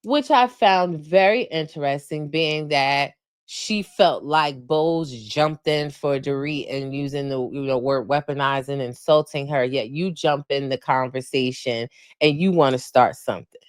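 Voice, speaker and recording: Woman podcaster ranting casually, blunt and animated, lowish voice, dry close sound. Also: unhurried, clean tone, no room sound. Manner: animated, opinionated, acts out quotes with big pitch jumps; colloquial, blunt. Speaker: podcast host. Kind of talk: casual recap chat.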